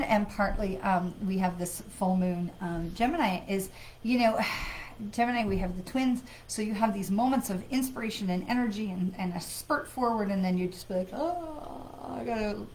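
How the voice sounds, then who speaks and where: Woman psychic host, mid-pitched, conversational live reading with sighs and "um"s; slight noise behind. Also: steady tone, normal speed, darkish tone, low-quality recording. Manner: conversational, with frequent fillers and sighs; greets viewers by name. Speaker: psychic medium. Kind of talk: live-streamed card reading.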